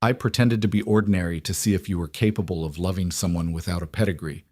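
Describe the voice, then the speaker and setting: A man reading the lines of a cold, composed young royal woman in a flat, measured tone. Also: deep voice, no echo.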